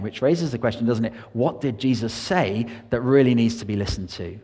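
A man's voice: mid-range voice, expressive, moderate pace, few pauses, mellow, in a large hall. A man preaching an earnest sermon in a church, his voice rising and falling for emphasis.

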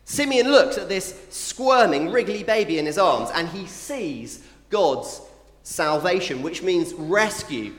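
A man preaching to a mixed church crowd of families, playful and animated, tossing asides to the children. His voice sits a bit high and swings widely in pitch. It rings out in an echoey hall with a long reverb tail. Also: takes it slowly. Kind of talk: family Christmas sermon.

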